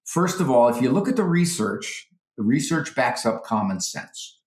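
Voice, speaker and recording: An expressive man whose pitch leaps around as he talks, a psychologist guest handing out firm parenting advice. He slips into the voices of parents and children to make his points. His voice rings in a roomy studio. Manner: acts out parents and kids in quick voices. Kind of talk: animated advice talk.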